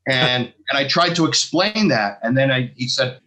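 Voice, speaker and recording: An American man with a bright, forward voice sits in as a podcast guest. He tells dry, self-deprecating stories at an everyday pitch. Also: expressive, moderate pace, rough recording. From New York. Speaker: guest comedian. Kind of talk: casual chat, anecdotes.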